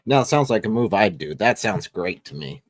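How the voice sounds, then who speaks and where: A man's voice: lowish voice, sing-song, fairly quick, husky. A man co-hosting a live stream chat, making wry remarks.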